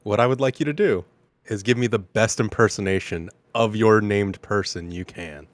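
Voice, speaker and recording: A man's voice: on the low side, normal speed, dry recording. A man acting as game master, hosting a live Q&A in a playfully formal manner. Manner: playfully formal, laughs often.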